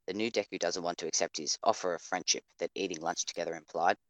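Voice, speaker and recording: A man narrates an audio drama in a measured, steady way, his voice sitting very low. The recording is dry, with no room sound around him. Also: no echo. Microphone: home microphone over voice chat.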